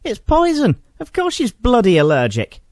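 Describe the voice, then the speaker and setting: A man's voice: a little high, big pitch swings, normal speed, no room sound, clean studio sound. A man voicing a prim, indignant mother who complains to a shop clerk and slips into swearing. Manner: indignant, genteel then sweary.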